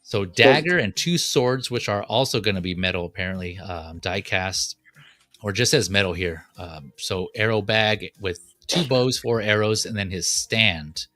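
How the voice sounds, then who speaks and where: A man's voice: on the low side, normal speed, sharp tone, dry recording. A man hosting a casual chat about collectible figures, walking through the details with plenty of fillers. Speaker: podcast host.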